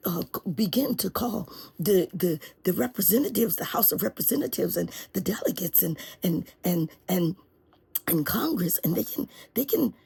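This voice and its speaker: A woman's voice: medium pitch, vocal fry, a little mellow, husky, full character voice. A woman playing a timid, nervous male lawyer who stammers and pleads. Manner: stammering, pleading, repeats words.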